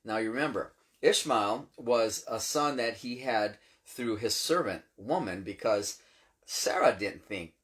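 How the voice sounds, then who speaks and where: A man's voice: fairly low pitch, a little slow, a bit bright. A man, a pastor, talking through scripture in a casual chat, retelling it in everyday words and often checking in with "right?". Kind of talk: casual Bible teaching chat.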